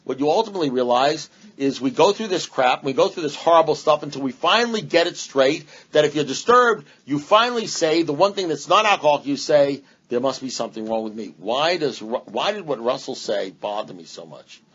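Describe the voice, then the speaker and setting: A man's voice: a little high, lively intonation, fairly quick, hardly any pauses, fairly bright tone, slightly rough. A man speaking at a recovery meeting, rambling and blunt, with punchy repetition and sarcastic asides. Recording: dull lo-fi meeting recording.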